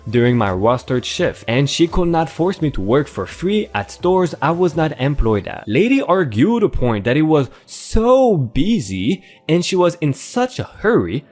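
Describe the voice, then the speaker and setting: A man's voice: on the high side, big pitch swings, measured pace, hardly any pauses, a little mellow. A man hosting a channel, energetically narrating online stories with playful exclamations. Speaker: host reading online stories. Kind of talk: upbeat storytelling narration.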